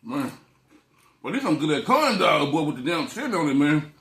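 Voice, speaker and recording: A man's voice: a little high, sing-song, moderate pace, a bit bright. A man vlogging as he eats, telling loose, profane stories in a casual, rambling way. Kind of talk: casual storytelling while eating on camera. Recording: echoey room.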